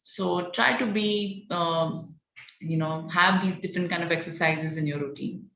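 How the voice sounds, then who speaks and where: A woman running an online public speaking class, encouraging and energetic, with frequent "okay" and "all right" between points. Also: on the low side, a little slow. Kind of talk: online training session. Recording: dull roomy lo-fi online call audio.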